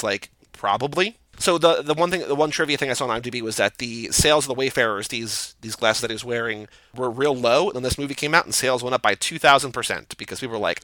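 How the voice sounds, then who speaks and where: A man hosting a podcast in casual chat, talking in an animated way with quick restarts and easy laughs. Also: medium pitch, no echo, low-quality recording. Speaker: podcast host.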